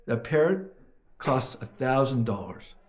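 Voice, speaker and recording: A pet shop owner quotes his prices with a straight face, as a man puts him on while telling a joke. The voice sits at an ordinary middle pitch, close to a normal speaking voice. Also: expressive, unhurried, lightly acted. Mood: matter-of-fact. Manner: matter-of-fact salesman telling a joke. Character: male pet store owner selling parrots.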